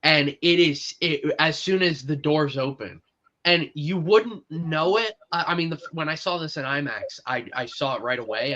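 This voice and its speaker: A man's voice: on the high side, moderate pace, bright, forceful tone, highs cut off. A man in a casual film discussion, speaking with enthusiasm and often stumbling and restarting his sentences. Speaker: movie reviewer co-host.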